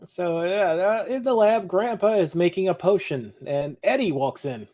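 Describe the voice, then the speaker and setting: A man's voice: high-pitched, expressive, normal speed, mellow. A young man from Ohio co-hosting a podcast, casually recapping a TV episode in a blunt, laid-back way, swearing and laughing often. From Ohio, USA. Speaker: podcast co-host.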